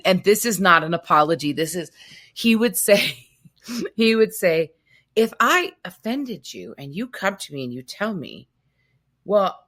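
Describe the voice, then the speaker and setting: A woman with a lowish voice talks through a casual podcast conversation. She tells her stories in an animated way and often jumps up in pitch to act out what others said. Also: husky. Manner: animated storytelling, acts out quotes in raised voice. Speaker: podcast co-host.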